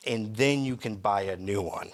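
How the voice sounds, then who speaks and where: In a church, a young adult pastor with a lowish voice tells a personal story during his sermon at normal speed. He rambles and keeps cutting himself off mid-sentence.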